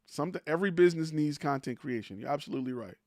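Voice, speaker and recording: Host, male, slightly high voice, blunt and teasing, dry close mic. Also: expressive, racing, a little mellow, dry recording. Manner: blunt, teasing, rhetorical questions. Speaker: host of a live stream for creators. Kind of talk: blunt motivational talk.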